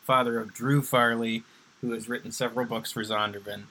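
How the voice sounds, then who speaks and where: A man's voice: medium pitch, fairly even intonation, fairly quick, pushed and bright, a little hiss or hum, rough recording. A man hosting a talk about faith, speaking casually and wryly. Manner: casual, conversational, wry. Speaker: host. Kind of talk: faith discussion.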